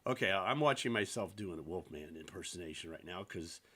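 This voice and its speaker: A man's voice: deep voice, lively intonation, brisk, a bit bright, breathy edge. A man hosting a live stream, chatting casually with viewers in a rambling, self-deprecating way. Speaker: livestream host.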